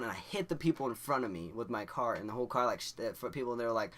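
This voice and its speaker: A man's voice: mid-range voice, lively intonation, fast, hardly any pauses, fairly bright tone. A young man vlogging, telling a rambling story with lots of fillers, acting out the quotes and laughing. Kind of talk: casual storytelling.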